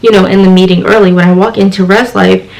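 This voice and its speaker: A woman's voice: medium pitch, steady tone, quick pace, creaky, darkish tone, low-quality recording. A young woman telling a story on her vlog, chatty and exasperated, full of "like" and "you know.". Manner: chatty, filler-heavy retelling with lots of "like". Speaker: vlogger.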